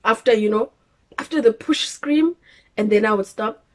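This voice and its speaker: A young South African woman casually telling her birth story, animated and laughing as she acts out moments. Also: fairly high pitch, normal speed. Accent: South African English.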